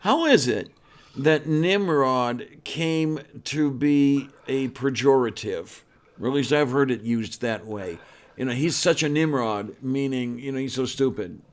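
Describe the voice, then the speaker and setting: A man in a casual chat who reads verses aloud and muses on them slowly. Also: mid-range voice. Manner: slow, musing, reads scripture aloud.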